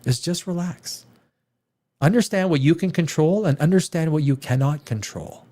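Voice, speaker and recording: A man's voice: on the high side, normal speed. A man hosting a show as a screenwriter, ranting through a review with lots of restarts and swearing. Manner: animated, restarts often, swears, mimics dialogue.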